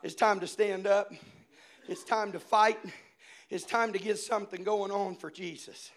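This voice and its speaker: A male preacher giving a sermon, telling a story with shouted, animated swings. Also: sits high, unhurried.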